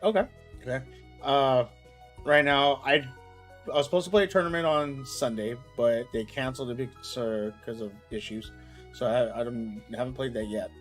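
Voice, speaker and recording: A man in his thirties, host of a casual chat show, talking loosely and getting loud and worked up when he rants. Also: medium pitch, normal speed, faint music behind. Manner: animated, gets loud and excited when ranting. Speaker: podcast host.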